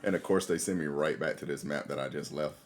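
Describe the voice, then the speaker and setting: A man's voice: rumbling low, quick pace. A man streaming a game live, chatting casually with his viewers in laid-back slang and laughing often. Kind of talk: casual live-stream chat while gaming.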